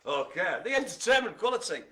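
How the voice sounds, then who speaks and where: A man hosts a bingo game live, chatting and joking with the room and the viewers at home. His voice sits high and swings widely in pitch, and it has a bright tone. A faint noise runs behind him. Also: big pitch swings, fast. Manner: jokey, chatty, addresses the audience as ladies and gentlemen. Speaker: bingo caller and host. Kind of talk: live-streamed bingo hosting.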